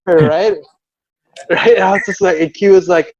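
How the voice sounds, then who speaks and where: A man's voice: high voice, normal speed. A man telling a story in casual chat on a video call, rambling and acting out quotes with laughter. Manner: rambling, animated, acts out quotes with yelling and laughter. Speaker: b-boy crew member telling a story. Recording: muffled video call audio.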